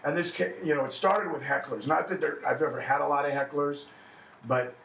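Man, comedian, somewhat high, gravelly voice, rambling chat, echoey room, distant mic. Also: fairly even intonation, brisk, fairly bright tone, a little hiss or hum. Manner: rambling, acts out quoted lines. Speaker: stand-up comedian. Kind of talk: casual chat among comedians.

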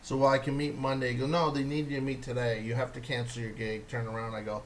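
Animated storytelling comedian man. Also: medium pitch, fast, a little hiss or hum, rough recording. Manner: animated storyteller, laughs through his own impressions. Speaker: podcast host. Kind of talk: casual chat.

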